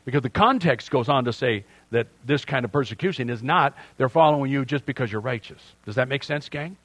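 A man in his sixties preaching a sermon in a chatty, lively way, dropping to soft asides and rising to loud emphasis. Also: medium pitch, brisk, no room sound. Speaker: pastor.

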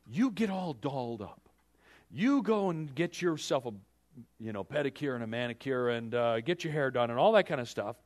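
A man's voice: mid-range voice, animated, moderate pace, natural voice. A male preacher voicing a sly older uncle who coaxes his niece in a conspiratorial way. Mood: coaxing. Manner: coaxing, conspiratorial. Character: scheming older uncle, man, persuasive and sly.

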